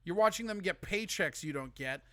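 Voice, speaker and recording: A man's voice: high-pitched, animated, normal speed, sharp tone, no room sound. A man from Minnesota hosting a live call-in show, rambling and swearing freely in casual chat. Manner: rambling, profane, ranting.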